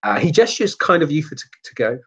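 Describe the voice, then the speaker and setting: A man narrating a tabletop role-playing game as game master, pausing and searching for words. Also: a little high, sing-song, a bit bright, husky. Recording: dull lo-fi sound.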